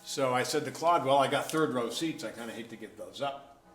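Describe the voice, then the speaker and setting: Male musician, interviewed guest, relaxed spun-out anecdotes, dry self-mocking wit, average pitch, echoey room with faint noise behind. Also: fairly quick, soft background music. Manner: wry, self-deprecating humor. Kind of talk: casual anecdotal storytelling. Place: event venue, indoors. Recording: roomy echo, faint background noise.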